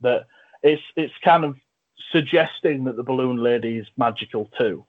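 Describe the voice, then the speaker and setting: A podcast host and film reviewer leads a casual film chat, chatty, enthusiastic, and joking. His mid-range voice moves at a moderate pace over phone-quality sound.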